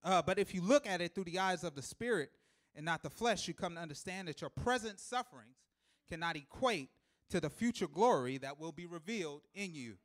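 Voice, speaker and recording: In a church sanctuary, a man preaches a live sermon with an animated, high-pitched voice at a fairly quick pace. He repeats key lines for emphasis, builds up to loud, emphatic shouts, and chuckles between points.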